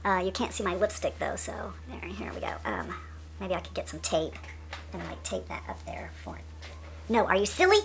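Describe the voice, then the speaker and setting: A woman's voice: on the low side, very animated, moderate pace, vocal fry, in a whisper. A middle-aged woman beauty vlogger joking around, teasing and mock-dramatic. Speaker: beauty YouTuber. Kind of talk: playful vlog blooper chatter.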